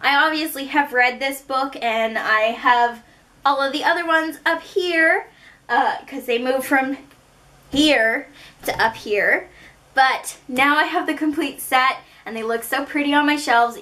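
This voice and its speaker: A woman's voice: high-pitched, measured pace, sharp tone. A woman from Canada with a Canadian accent, chatting through a book haul in a rambling, self-mocking way. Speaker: book vlogger. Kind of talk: casual book haul chat.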